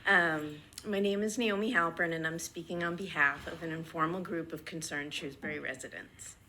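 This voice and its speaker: A woman reading a prepared public comment at a town board meeting, earnest and measured, a little out of breath. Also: deep voice, fairly even intonation, a crowd in the background. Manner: earnest, measured, deliberate pauses between list items. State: slightly out of breath. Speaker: resident speaking at public comment.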